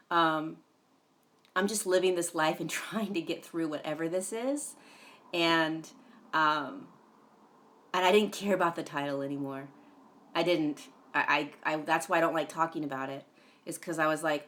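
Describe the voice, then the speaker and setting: Woman, low-ish voice, livestream host, chatty, casual cursing. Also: normal speed, fairly bright tone. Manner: chatty, rambling, many fillers, greets viewers by name; swears casually.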